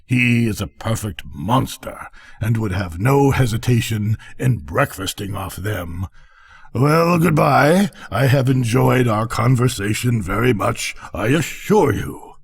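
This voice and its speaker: An older man voicing a chatty, self-satisfied frog that talks slowly and gushes. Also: mid-range voice, animated, gravelly, slightly rough, full character voice. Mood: gushing. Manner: slow, gushing, complacent.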